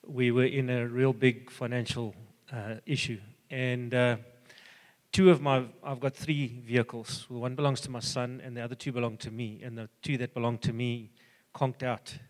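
An older man giving an earnest, halting personal testimony full of fillers and restarts. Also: medium pitch, fairly even intonation, long reverb tail. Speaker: church member giving a testimony.

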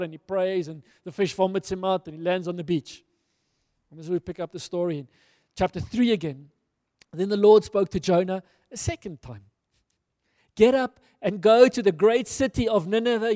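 A man with a high voice preaches in a relaxed, storytelling way, slipping into the voices of the people in the story. The voice sits close and dry on the mic. A long hall reverb trails behind every phrase. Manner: casual storytelling, acting out dialogue. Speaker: pastor. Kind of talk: sermon.

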